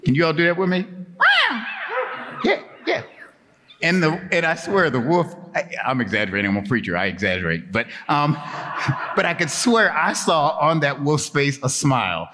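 Preacher man spinning a kids story, lively ups and downs, echoey church, crowd murmur. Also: a little high, moderate pace, background noise. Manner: playful, animated, draws the crowd in. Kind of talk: children's sermon storytelling. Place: church sanctuary.

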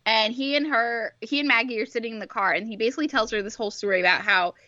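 A woman's voice: a little high, fast, sharp tone, no room sound. A woman co-hosting a casual fan chat, enthusiastic and full of fillers. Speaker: podcast co-host. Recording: dull lo-fi mic.

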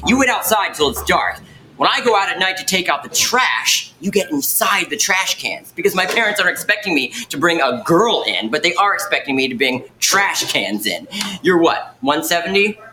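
An actor playing an awkward, oddly earnest young man who rambles a deadpan pitch to ask a waitress on a date, in a film clip with faint room ambience. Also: normal speed, a little hiss or hum, exaggerated voice, low-quality recording.

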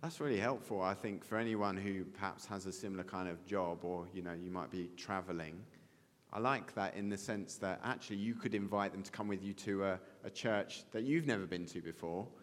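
A man hosts a church gathering from the stage, responding to his guest in an affirming, reflective way. His voice sits fairly low. A long hall reverb trails behind every phrase. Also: brisk. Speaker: interviewer leading a church gathering. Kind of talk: on-stage interview and hosting.

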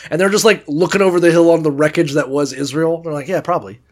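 A man's voice: a little high, fast talker. A man co-hosting a podcast who retells scripture in a profane, joking, irreverent way. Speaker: podcast co-host. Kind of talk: casual chat.

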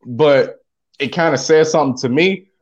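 A man's voice: a little high, normal speed, muffled recording. A man co-hosting a podcast, talking in a laid-back, thoughtful way. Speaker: podcast co-host. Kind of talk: casual podcast chat.

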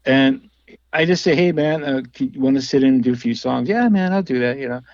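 A man telling loose, rambling stories in a casual interview, laughing often and restarting his sentences. His voice sits at an ordinary pitch. The recording is dry and a little muffled. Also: brisk, a little mellow, no echo. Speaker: guest musician and label owner.

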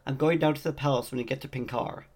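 A man's voice: mid-range voice, fairly even intonation, fast, darkish tone. A man reading a fantasy novel aloud, voicing the dialogue lightly in his own voice. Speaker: audiobook reader.

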